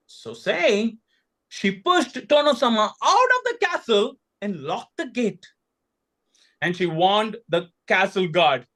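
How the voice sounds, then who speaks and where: A man from India, telling a folktale slowly and expressively with dramatic pauses. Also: sits high, wildly swooping pitch, fairly bright tone. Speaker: storyteller.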